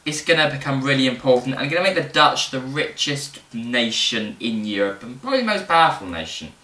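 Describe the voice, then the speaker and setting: A man presenting history in casual educational storytelling, animated and rambling, with fillers and jokes. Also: mid-range voice, fairly quick. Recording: roomy, distant mic.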